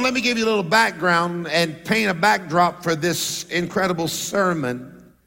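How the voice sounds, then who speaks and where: A man's voice: sits high, creaky, pushed and bright. A male pastor preaching a sermon to a congregation, calling for responses and stretching out words for emphasis. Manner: rises and draws out words for emphasis. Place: large church sanctuary. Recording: long reverb of a church hall.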